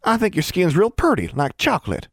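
A man's voice: high-pitched, wildly swooping pitch, fairly quick, dry recording, clean studio sound, voice pushed up, exaggerated voice. A man voicing a brash young Southern witch girl with a gushing, folksy drawl. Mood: eager.

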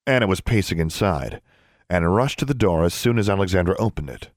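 Man, deep voice, expressive, audiobook narration, dry close sound. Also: fairly quick, no room sound.

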